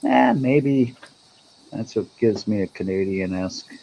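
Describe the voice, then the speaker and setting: A modest man from Minnesota chats in a loose, rambling way, poking fun at himself. His voice sits low and sounds warm and relaxed. A faint hiss runs under the recording. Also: unhurried, vocal fry, poor audio. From Minnesota, USA. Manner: modest, self-deprecating, rambling. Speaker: host. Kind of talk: casual chat.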